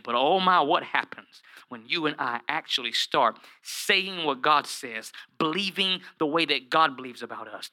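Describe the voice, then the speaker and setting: Bright, animated preaching man. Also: on the high side. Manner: animated, acts out Bible characters in funny voices, calls to the congregation by name. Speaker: pastor. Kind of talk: sermon.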